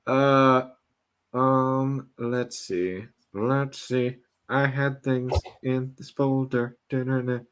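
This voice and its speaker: A young man co-hosting a podcast, reading entertainment news in relaxed, casual chat with hesitant fillers. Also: medium pitch, extremely slow, smooth.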